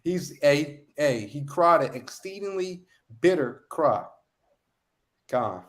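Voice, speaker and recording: A man's voice: on the high side, expressive, slow pace. A man teaching scripture street-style in a slightly raised voice. He is emphatic and slangy, circling back to the same catchphrases again and again.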